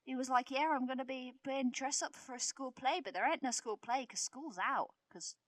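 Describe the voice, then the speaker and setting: A woman's voice: sits high, moderate pace, dry recording, close to an everyday voice, low-quality recording. A woman voicing a sly country villager who spreads gossip in a conspiratorial way. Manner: conspiratorial, folksy storyteller. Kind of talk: improvised character play.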